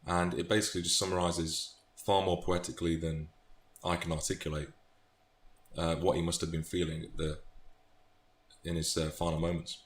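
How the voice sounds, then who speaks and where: British man, very deep voice, casual book talk, thoughtful with restarts, echoey room. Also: little pitch movement, normal speed. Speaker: book vlogger. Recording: echoey room, faint noise.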